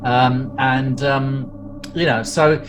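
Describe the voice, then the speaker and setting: A man's voice: medium pitch, steady tone, slow, over music, rough recording. A man hosting a casual podcast chat, rambling through details with plenty of fillers. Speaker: podcast host. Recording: audible background noise.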